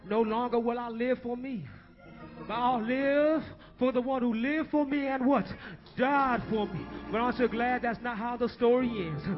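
Very high-voiced preacher man, rhythmic. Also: steady tone, normal speed. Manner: rhythmic call-and-response preaching, rising to shouted refrains. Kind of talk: sermon. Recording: dull lo-fi recording with music behind.

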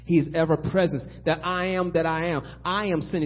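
Male preacher, slightly high voice, husky, dynamic emphatic sermon delivery, acts out biblical characters, muffled lo-fi sound. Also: fairly even intonation, fast talker, hardly any pauses. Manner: dynamic, builds to loud emphatic peaks then drops to hushed tones.

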